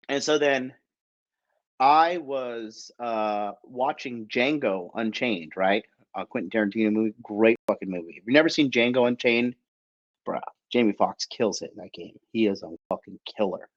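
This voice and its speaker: A man's voice: mid-range voice, muffled recording. Profane rambling guy telling a story. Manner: profane, rambling, keeps asking "right?". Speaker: podcast storyteller. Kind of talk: casual storytelling.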